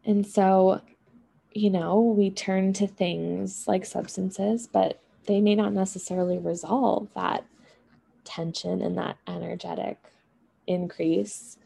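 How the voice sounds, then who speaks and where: A woman talks through emotions and healing in a slow, drawn-out monologue. Her voice is heavy with vocal fry and has a dark, husky tone. She muses aloud and keeps checking in with "right?" and "you know". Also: medium pitch, little pitch movement. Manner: unhurried, musing, often adds "right?" and "you know".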